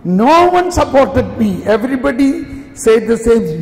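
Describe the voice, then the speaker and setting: A male preacher, giving an animated sermon in a storytelling way and asking the audience questions. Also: extremely high pitch, measured pace, hardly any pauses. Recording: echoey hall with long reverb, faint ambience.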